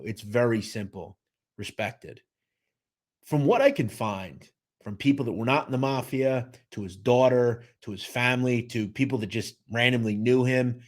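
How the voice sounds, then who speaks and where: A man hosting a true-crime show, narrating in a conversational way with animated emphasis and frequent "uh"s. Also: medium pitch. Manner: conversational, lively emphasis with filler "uh"s. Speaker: host.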